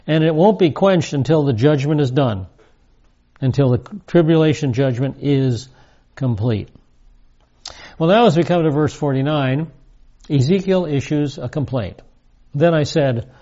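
A man's voice: fairly high pitch, a little slow, pauses often, dark tone. A man teaching a Bible study lecture, explaining word meanings and asking rhetorical questions. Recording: dull lo-fi recording.

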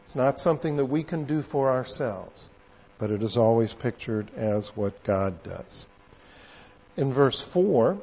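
A man preaching a sermon at a very unhurried pace, leaning hard on key words. His voice rings with long reverb through a church hall. The recording is dull and lo-fi. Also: mid-range voice, expressive, slightly rough. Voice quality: deliberate, emphatic on key words.

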